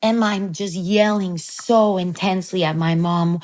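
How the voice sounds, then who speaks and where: A woman director, a guest on an interview show, telling a story in a casual, animated way, swearing freely and using many fillers. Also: on the low side, measured pace.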